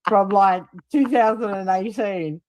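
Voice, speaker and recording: A woman's voice: medium pitch, measured pace, no echo. A woman chatting casually in a replayed stream clip, mocking and scornful.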